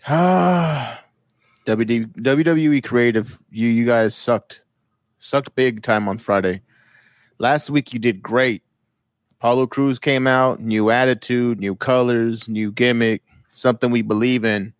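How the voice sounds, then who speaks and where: A man's voice: medium pitch, unhurried, no room sound. A man co-hosting a casual wrestling podcast, ranting bluntly and swearing freely. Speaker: podcast co-host.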